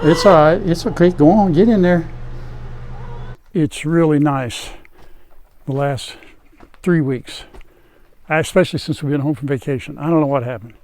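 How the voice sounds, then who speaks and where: An older man on a farm, casually narrating his chores and coaxing his animals in a gentle, folksy way. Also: on the high side, moderate pace, long pauses, slight background noise. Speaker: farm vlogger. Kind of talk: casual vlog narration while doing chores. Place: outdoor farm, hen house and animal pens.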